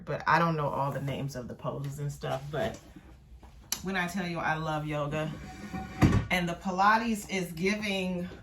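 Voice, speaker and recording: A middle-aged woman vlogging casually, playful and animated, chatting to her pet and her viewers. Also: mid-range voice. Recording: faint background noise.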